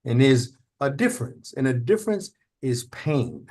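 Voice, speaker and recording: Male podcast host, mid-pitched, thoughtful explainer, conversational delivery. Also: big pitch swings, moderate pace, mellow. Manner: reflective, explaining with acted examples.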